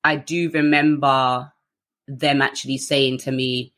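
A woman's voice: extremely low pitch, slow. Guest: young woman, candid storyteller, chatty, lots of fillers, wry about herself. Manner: chatty, frequent fillers, animated quoting, laughs at herself.

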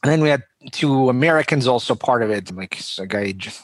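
A man's voice: medium pitch, animated, a little fast, no echo. A man in his forties who grew up in Russia, talking as a guest in a casual interview, reflective and humorous with frequent restarts.

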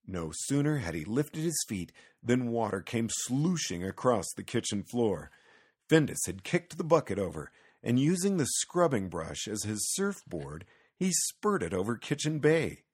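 A man reading a children's Christmas story aloud with lively, expressive storytelling. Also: medium pitch, unhurried, slightly rough. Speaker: narrator.

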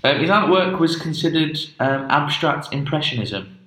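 A man's voice: a little high, lively intonation, normal speed, sharp tone. A man co-hosting a podcast, telling a rambling, jokey story with lots of fillers. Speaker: podcast co-host. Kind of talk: casual chat. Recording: echoey room.

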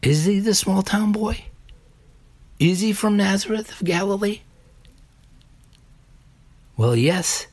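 Slow husky preaching man. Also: sits high, animated. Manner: deliberate preaching with rising emphatic repetitions. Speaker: pastor. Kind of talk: sermon.

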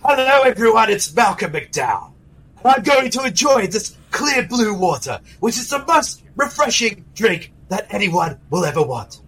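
A man doing a comic impression of a polite, pompous, clumsy British gentleman with an exaggerated posh accent. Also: sits high, big pitch swings, normal speed, a little hiss or hum, voice pushed up, exaggerated voice, poor audio. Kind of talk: comic impression during a podcast.

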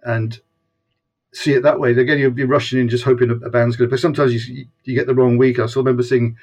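Faint music plays behind this Scottish guest in his sixties, a former punk fanzine editor interviewed over video call. He talks quickly in a mid-range, flat, slightly mellow voice, rambling casually and often starting over.

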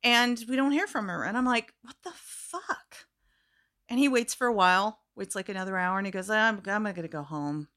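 Bright-voiced woman telling a wild story. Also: mid-range voice, brisk, hardly any pauses. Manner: animated, acts out quoted voices, laughs often. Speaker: storyteller guest. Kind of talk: casual storytelling chat.

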